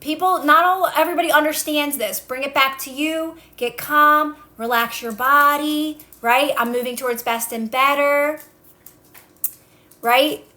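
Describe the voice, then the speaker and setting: A woman on a phone livestream, coaching viewers in a casual way, repeating calm instructions and answering their comments. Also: high voice, unhurried. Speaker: manifestation coach. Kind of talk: casual TikTok live talk.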